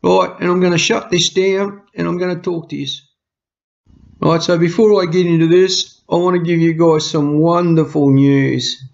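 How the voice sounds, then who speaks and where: A man's voice: a little high, fairly even intonation, normal speed, vocal fry. A man talking earnestly to camera from home in a rambling, homely way about budgeting. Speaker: budgeting vlogger. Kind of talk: casual talk to camera. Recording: slightly muffled lo-fi sound.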